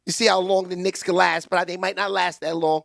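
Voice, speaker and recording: A man hosting a casual commentary vlog, loud, excitable and full of slangy trash talk. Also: sits high, a little fast, gravelly, no room sound, clean studio sound. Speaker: host.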